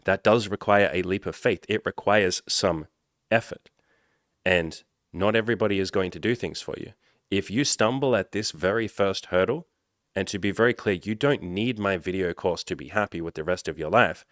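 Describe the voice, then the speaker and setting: A man in his thirties, a life coach, giving a blunt, animated motivational talk. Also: low-pitched, normal speed, no echo, studio quality. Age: 30s. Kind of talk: motivational vlog monologue.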